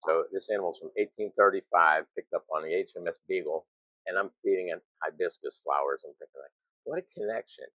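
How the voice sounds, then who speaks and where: An older man in his sixties with a very low voice, telling rambling stories from his career in a relaxed interview. He chuckles at himself as he goes. The sound is dry and a little dull. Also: fast talker, no echo. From United States. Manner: rambling anecdotes with self-deprecating chuckles. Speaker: retired zookeeper, guest. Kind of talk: casual storytelling interview.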